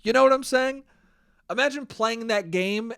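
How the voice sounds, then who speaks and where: A young man from New York hosting a solo comedy podcast, riffing with profanity, swinging from loud bursts to mumbled asides and high laughs. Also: normal speed, vocal fry, clear, resonant tone, dry recording, clean studio sound. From New York (Westchester). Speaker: podcast host.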